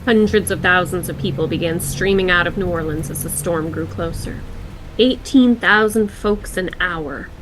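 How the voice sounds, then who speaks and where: A woman co-hosting a podcast, reading scripted true-crime narration in a measured way. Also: lowish voice, noisy background. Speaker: podcast co-host.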